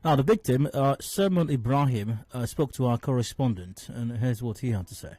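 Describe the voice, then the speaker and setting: Man, Nigerian accent, radio talk host, measured commentary, fillers and restarts, dry studio voice. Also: medium pitch, animated, dark tone, no echo, soft background music.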